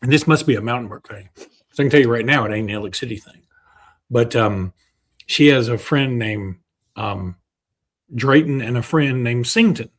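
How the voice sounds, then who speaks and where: A man's voice: medium pitch, normal speed, pauses often. Joking man, podcast host. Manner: joking, rambling with fillers. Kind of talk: casual sports podcast chat.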